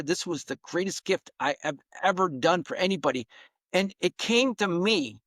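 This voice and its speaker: A man's voice: high voice, dry recording. A middle-aged man, a podcast guest, telling a personal story earnestly and with feeling, acting out the quotes. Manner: earnest, emotional, animated retelling with acted-out quotes.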